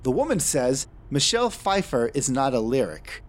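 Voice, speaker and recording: A man's voice: mid-range voice, big pitch swings, moderate pace. A man running a tabletop game as game master, narrating scenes with dry, wry asides.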